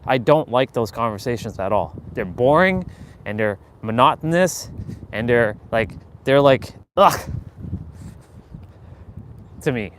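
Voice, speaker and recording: A man's voice: mid-range voice, expressive, normal speed, a little hiss or hum. A man hosting a live stream, giving a casual motivational monologue in a blunt, profane way and acting out bits of small talk.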